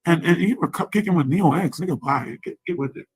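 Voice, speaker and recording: A woman's voice: fairly low pitch, fast, rough recording. A woman in a profane, rambling angry rant, taunting and repeating herself.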